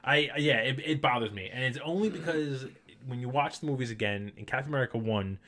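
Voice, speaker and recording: A man's voice: medium pitch, quick pace, fairly bright tone, echoey room, distant mic, slight background noise. A man co-hosting a podcast, chatting casually, telling stories animatedly and agreeing emphatically. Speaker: podcast co-host. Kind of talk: casual chat.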